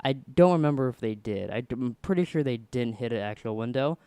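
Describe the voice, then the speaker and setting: A young man hosting a podcast, casually rambling through an animated story. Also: mid-range voice, brisk, clean tone, no echo. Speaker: podcast host.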